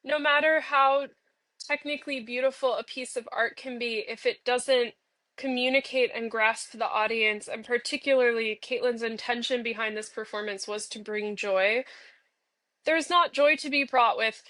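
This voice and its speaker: Speaking as one of her own inner parts in a bubbly, playful parts-work role-play, a young woman fills her talk with "like." Her pitch is fairly high and her tone steady, at a normal speed, sounding pushed and bright with no echo.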